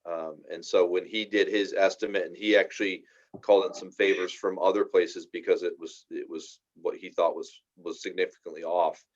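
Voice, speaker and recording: A man's voice: low-pitched, level tone, moderate pace. A man explaining a school project's timeline to a town finance board, talking at length with many fillers. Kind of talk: public meeting discussion. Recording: dull lo-fi meeting audio.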